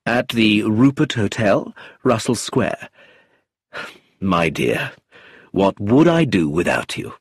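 A man voicing a fond, anxious middle-aged husband who talks in an earnest, gentle way in a storybook reading. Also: fairly low pitch, very animated, slow, pauses often, breathy edge, dry recording, clean studio sound, full character voice.

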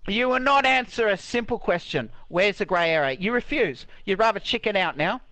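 High, bright-voiced angry man ranting. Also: lively intonation, normal speed, hardly any pauses, no echo. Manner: angry, ranting, repetitive, heavy swearing. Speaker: online game player. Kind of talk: heated game voice chat.

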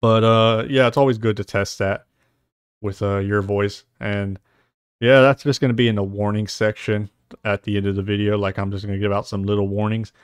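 A man's voice: lowish voice, little pitch movement, normal speed, clear, resonant tone, no room sound. A young man casually explaining voice-changer settings in a rambling tutorial, swearing now and then. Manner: rambling, casual, curses lightly. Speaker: host. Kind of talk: software tutorial. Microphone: studio mic with noise suppression.

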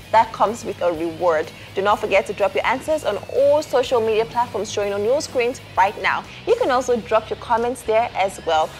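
Woman host signing off, chatty and upbeat, soft music playing behind. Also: on the high side. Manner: bubbly, direct to viewers. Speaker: show host. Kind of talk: show sign-off.

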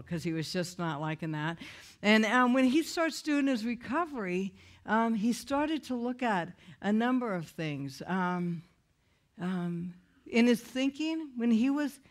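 A woman's voice: medium pitch, lively intonation, normal speed. Woman, recovery speaker, earnest, candid, conversational, frequent restarts. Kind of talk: conversational testimony talk.

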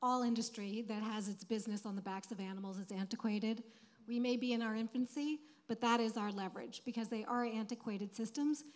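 Panelist: middle-aged woman, a bit high-pitched, earnest and emphatic, conference stage. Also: darkish tone. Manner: earnest, emphatic, repeats phrases. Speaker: panelist, nonprofit CEO.

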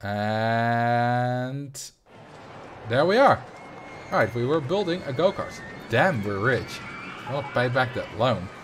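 A man's voice: medium pitch, lively intonation, takes it slowly, a bit bright, slight background noise. A young man from the Netherlands with a Dutch accent, chatting loosely on a livestream and answering his chat as he plays. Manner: rambling, reads chat aloud and answers. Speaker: streamer.

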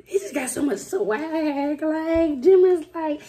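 A woman hosting a reaction video, talking excitedly, squealing, laughing and singing along. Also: high-pitched, slow pace. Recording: music playing loudly behind.

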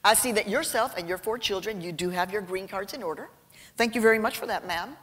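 A woman's voice: mid-range voice, brisk, fairly bright tone, voice pushed up, natural voice. A woman putting on a drawling Texan border agent. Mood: politely firm. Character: tall Texan male immigration agent, polite but firm. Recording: reverberant lecture hall.

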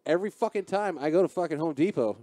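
A man's voice: a little high, animated, fast talker, warm tone, no room sound, clean studio sound. A man chatting on a podcast, laid back, swearing and laughing as he tells stories. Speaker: podcast guest. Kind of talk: casual podcast banter.

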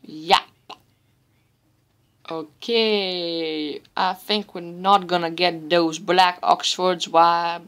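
Slow rambling woman gamer commentator. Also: fairly low pitch, fairly even intonation, fairly bright tone, smooth. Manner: rambling, repetitive, chatty. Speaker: gameplay commentator. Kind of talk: casual let's-play commentary.

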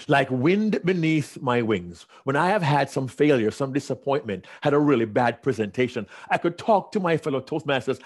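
A man's voice: medium pitch, normal speed, few pauses. A man in his sixties giving a motivational keynote speech, telling stories dramatically. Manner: dramatic storytelling, animated. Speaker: keynote speaker.

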